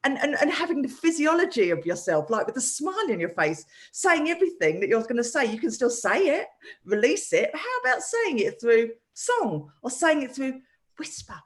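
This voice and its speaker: Lively woman in a casual therapy chat. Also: high voice, a little fast. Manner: animated, playful, breaks into sung and whispered asides. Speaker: co-host, therapist.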